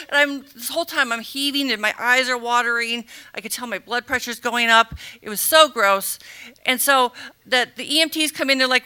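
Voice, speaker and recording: A middle-aged woman telling a comic true story live on stage, animated and self-mocking, acting out gasps and the people around her. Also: fairly high pitch, moderate pace, smooth.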